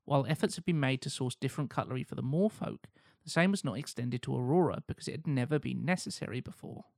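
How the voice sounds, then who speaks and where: A man co-hosting a podcast, reading out a story pitch in a steady, measured way. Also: creaky, no echo, studio quality. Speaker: podcast co-host. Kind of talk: reading a plot pitch aloud, casual chat.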